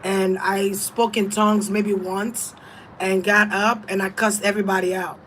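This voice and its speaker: A woman's voice: medium pitch, little pitch movement, unhurried, fairly bright tone, slight background noise, poor audio. A woman reading tarot and giving casual spiritual advice in a blunt, emphatic, profane way. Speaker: tarot reader.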